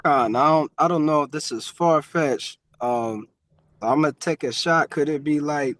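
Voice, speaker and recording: A man's voice: a little high, moderate pace, fairly bright tone. A man in a study group offering a tentative idea, thinking aloud with hesitations.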